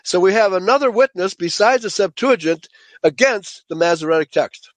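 High-voiced emphatic man lecturing. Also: expressive, moderate pace, no echo. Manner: emphatic, checks in with frequent "okay?"; addresses listeners as "folks". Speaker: Bible teacher. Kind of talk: Bible study lecture to a group.

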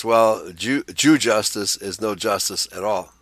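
A man's voice: on the low side, measured pace, fairly bright tone, dry recording. A pastor reading an article aloud, breaking in with blunt asides of his own. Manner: reads out text, then breaks in with blunt asides.

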